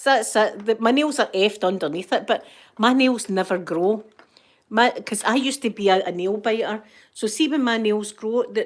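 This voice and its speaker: A Scottish woman hosting a casual ASMR stream, chatting to viewers in the chat while she knits and laughing often. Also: medium pitch. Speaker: ASMR livestream host.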